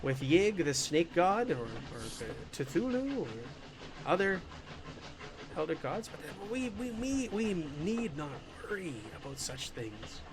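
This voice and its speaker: Casting: a man as a tired stammering old scholar patron, high-set voice. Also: very animated, measured pace. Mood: earnest. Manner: stammering, earnest, growing sleepy. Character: weary older male scholar patron, Mister Hurst.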